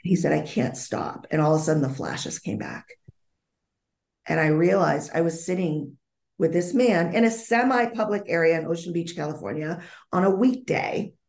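A woman's voice: on the low side, normal speed, vocal fry, darkish tone, reverberant. A woman being interviewed as a psychic medium, telling a story vividly, acting out the dialogue and often restarting her sentences.

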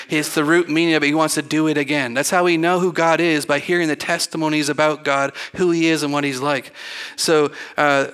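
A man's voice: a little high, fairly bright tone. A middle-aged man, a pastor, preaching in a church in a rambling, folksy storytelling way, acting out the people he quotes. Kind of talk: storytelling sermon. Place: church sanctuary.

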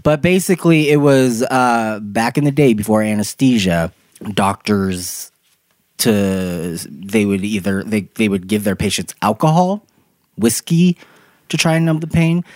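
A man's voice: on the low side, measured pace, a little mellow, dry recording, clean studio sound. A man hosting a podcast, reading idiom meanings from his notes in casual chat and laughing often. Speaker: podcast host.

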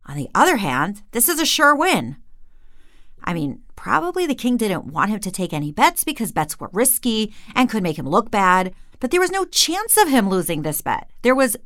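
Animated woman storyteller, low voice. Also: no echo, studio quality. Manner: animated, expressive. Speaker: podcast host and storyteller.

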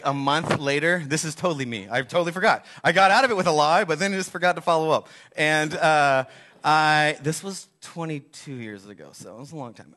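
A man in his forties preaching a sermon, telling a candid, self-deprecating story with animated asides. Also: medium pitch. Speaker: pastor.

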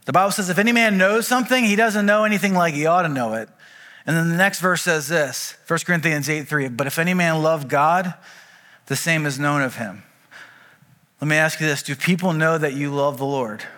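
Bright-voiced man preaching in a hall. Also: on the high side. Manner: conversational storytelling with quick asides. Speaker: pastor. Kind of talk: sermon. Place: church auditorium.

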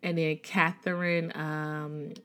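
A woman's voice: deep voice, level tone, takes it slowly, a bit bright. A woman in her thirties from the Chicago area, telling a personal faith testimony in a conversational way, with many fillers and restarts. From Chicago area, USA. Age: 30s. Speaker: Christian speaker sharing a testimony.

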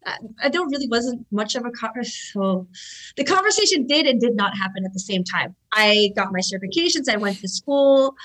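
A woman's voice: medium pitch, fairly bright tone, rough recording. A woman in her thirties telling stories in a casual interview, chatty and full of fillers. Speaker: interview guest, jiu-jitsu competitor. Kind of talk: casual storytelling.

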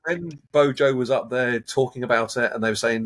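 Husky man coaching in interview. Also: mid-range voice, fast, hardly any pauses. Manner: animated, coaching, acts out examples. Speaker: hypnotherapist guest. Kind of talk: casual interview chat.

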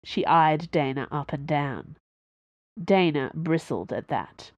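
A woman reading a story aloud in an even, measured narration. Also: low voice, no echo, muffled recording. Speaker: audiobook narrator. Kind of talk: scripted narration.

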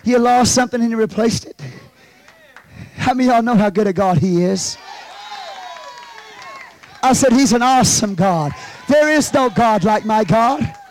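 A man preaching a sermon as pastor, swinging from quiet storytelling to shouted calls to the congregation. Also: high voice, no room sound. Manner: preaching with rising shouts and call-and-response asides.

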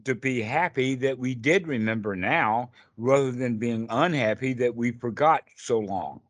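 A man's voice: mid-range voice, a little slow, no room sound. A man teaching meditation on a call, earnest and repetitive, often acting out inner dialogue. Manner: earnest, repeats phrases, acts out inner dialogue. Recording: call audio.

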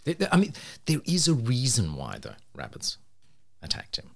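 A man's voice: mid-range voice, huge pitch swings, normal speed, vocal fry. A man co-hosting a casual chat, telling a story with wry asides. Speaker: podcast co-host.

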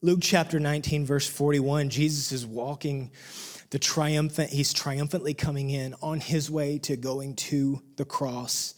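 A man preaching a sermon as pastor, impassioned, rising to loud emphasis and dropping to hushed near-whispers. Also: fairly high pitch, steady tone, a little slow.

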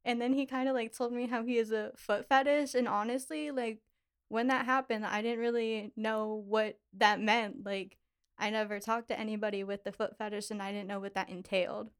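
A woman's voice: a little high, steady tone, moderate pace, smooth. A woman in her twenties from Pittsburgh, a podcast guest telling her story in casual chat, filling her talk with "like". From Pittsburgh, USA. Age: 20s. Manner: chatty, heavy use of "like".

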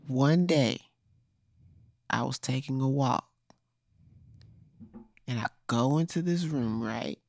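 A woman playing an improvised comedy scene, telling a story in a playful, deadpan way. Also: very deep voice, slow, gravelly, long pauses, dry recording, studio quality. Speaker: improv player.

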